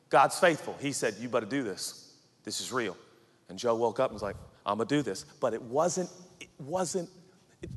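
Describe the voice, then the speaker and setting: Male preacher, from the Pacific Northwest, high lively voice, shouts and hushes, long hall reverb. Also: slightly rough. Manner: animated, acts out voices in quotes, swings from shouting to hushed. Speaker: pastor. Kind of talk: sermon.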